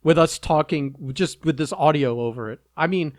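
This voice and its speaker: A man's voice: a little high, normal speed, dry recording. A man co-hosting a podcast, reacting with dry, teasing remarks in casual chat. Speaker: podcast co-host.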